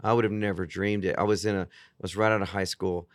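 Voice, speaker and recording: A man's voice: sits low, quick pace, no room sound, clean studio sound. A man in his fifties, a worship singer-songwriter telling stories earnestly in an interview, often restarting his sentences. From Texas. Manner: earnest, animated, with frequent restarts. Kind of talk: storytelling in an interview.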